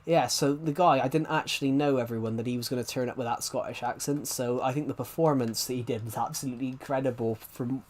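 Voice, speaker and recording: A man's voice: medium pitch, fairly even intonation, fast talker, hardly any pauses. Rambling young man streaming games. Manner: rambling, frequently restarting sentences. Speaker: game streamer. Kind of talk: casual live-stream chat while playing.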